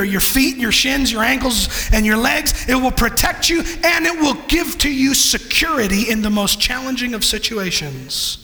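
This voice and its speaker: High, bright-voiced male preacher. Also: big-room sound. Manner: preaching with swells into shouting. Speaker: pastor. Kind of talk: sermon.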